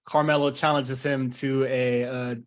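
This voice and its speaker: A man's voice: mid-range voice, little pitch movement, a little slow. A man co-hosting a wrestling podcast in loose, joking, profane casual chat. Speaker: podcast co-host.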